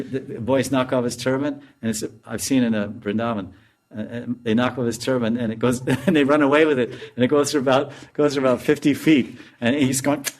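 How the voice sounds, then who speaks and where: Animated man telling a devotional story. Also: medium pitch. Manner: animated, laughs through the story. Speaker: swami giving a lecture. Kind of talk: storytelling lecture.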